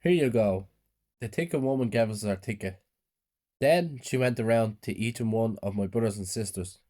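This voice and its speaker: A man reads a first-person horror story in a plain, low-key way. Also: moderate pace, mellow. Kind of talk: scripted horror story narration.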